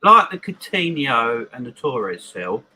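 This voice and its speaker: A man giving emphatic football opinions in a casual fan panel chat, with quick restarts. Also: medium pitch, big pitch swings, sharp tone, a little hiss or hum, low-quality recording.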